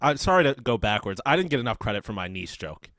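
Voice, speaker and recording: A man's voice: medium pitch, sing-song, fast, fairly bright tone, no room sound, studio quality. Rambling swearing podcast co-host, man. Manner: rambling, swearing, with many restarts. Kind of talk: casual sports chat.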